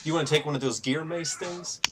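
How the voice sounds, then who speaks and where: A man narrating a tabletop game as game master, telling the scene in a lively way full of fillers. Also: a little high, brisk, slight background noise. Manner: lively, animated storytelling with many fillers.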